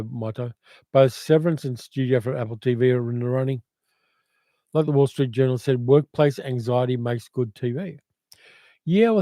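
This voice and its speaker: A man's voice: medium pitch, warm tone, dry recording. An older man with an educated Australian accent, hosting a casual livestream and reading out viewer comments in a reflective, rambling way. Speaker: livestream host.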